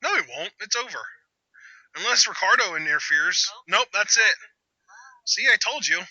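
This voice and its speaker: A young man with a high, very bright voice that swings widely in pitch hosts a live reaction chat. He exclaims, groans and argues back at his co-host. The sound is dry, through a slightly dull lo-fi mic. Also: lively intonation, normal speed, no room sound. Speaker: channel host.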